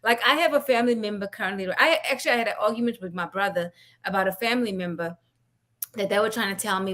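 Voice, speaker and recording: A woman's voice: medium pitch, quick pace, fairly bright tone. Blunt woman venting on a podcast. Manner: blunt and heated, swears freely. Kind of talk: casual podcast discussion.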